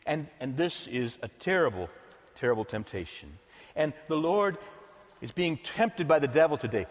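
A middle-aged male pastor preaching a sermon in an animated, conversational way with playful asides, in a church with long reverb. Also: a little high, moderate pace.

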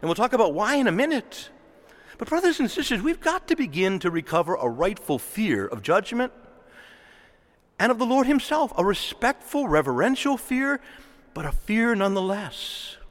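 Male preacher, emphatic and lively delivery, reverberant church sound. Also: sits high, normal speed. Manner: emphatic, building to impassioned exhortation. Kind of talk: sermon.

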